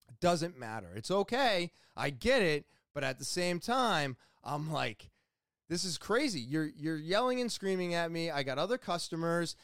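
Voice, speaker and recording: A man in his forties, a longtime retail worker, casually retelling an exasperating story in an animated way. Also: fairly high pitch, clean tone, dry recording, clean studio sound.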